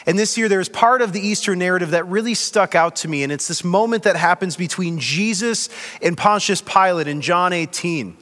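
A man's voice: sits high, normal speed, sharp tone, in a large hall. A man preaching a sermon as pastor, in a conversational way with light humor.

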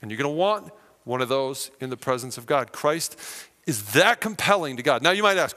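A male pastor preaching a sermon with animated, vivid storytelling in a church hall. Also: mid-range voice, fairly quick. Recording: long hall reverb.

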